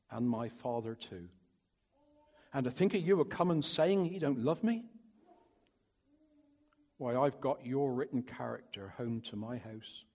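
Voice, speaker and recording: A man putting on a husky old Cornish countryman. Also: mid-range voice, a little mellow. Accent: Cornish dialect. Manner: folksy, earnest storytelling in rustic dialect. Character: devout, plain-spoken old Cornish working man. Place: church during a service. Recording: long reverb of a large hall.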